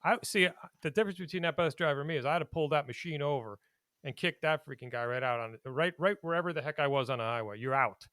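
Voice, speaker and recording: Animated indignant man, fairly high voice. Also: fast talker, no echo. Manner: animated, indignant, laughs often. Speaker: podcast co-host. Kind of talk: casual political chat.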